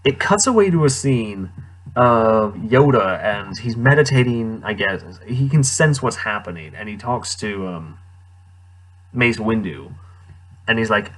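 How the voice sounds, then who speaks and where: A man's voice: lowish voice, animated, measured pace, fairly bright tone, slight background noise. Sarcastic man ranting about a movie. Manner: sarcastic, incredulous, laughs often. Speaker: movie reviewer. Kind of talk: casual movie commentary.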